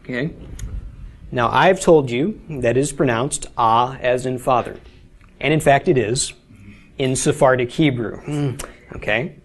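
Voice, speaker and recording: A man's voice: mid-range voice, measured pace. A man teaching a beginners' language class, explaining step by step and often checking with "okay?". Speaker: Hebrew teacher. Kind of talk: informal classroom lecture.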